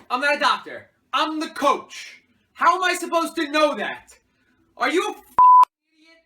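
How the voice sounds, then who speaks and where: A man's voice: very high voice, pitched above the performer's own voice, full character voice. A man doing a furious, hot-headed football coach. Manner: defensive, snapping, shouting at reporters. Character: furious losing male football head coach, hot-tempered. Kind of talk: mock press conference.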